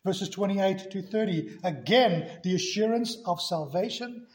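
A man preaching a sermon, laying out a passage verse by verse in an earnest, measured way. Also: sits high. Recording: echoey room.

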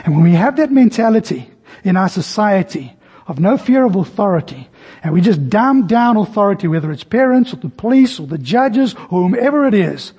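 A man's voice: sits high, animated, a little fast, darkish tone, slightly rough. A man preaching a sermon, telling stories and acting out the voices in them. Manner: storytelling, acts out voices in anecdotes. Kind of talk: sermon with illustrations.

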